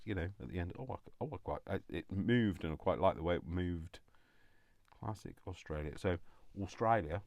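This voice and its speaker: A man's voice: sits low, gravelly, a little mellow, no room sound. A man chatting casually to himself as he makes crafts, rambling with jokey asides. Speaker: craft channel host.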